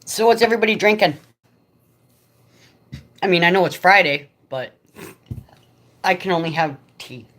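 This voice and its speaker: A chatty woman with a slightly low voice hosts a casual home livestream. She greets her viewers by name with bubbly excitement. Her phone sits propped up in front of her. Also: moderate pace, pauses often. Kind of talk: casual live chat.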